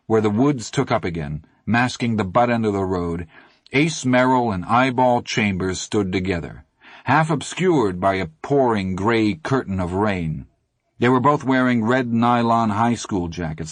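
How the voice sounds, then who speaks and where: A man narrating an audiobook in a steady, measured way. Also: fairly low pitch, no room sound.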